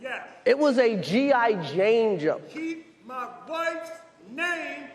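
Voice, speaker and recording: Shrill angry celebrity impression, gravelly edge, put on by a man. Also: animated, slow pace, long reverb tail, exaggerated voice. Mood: mocking. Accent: Australian.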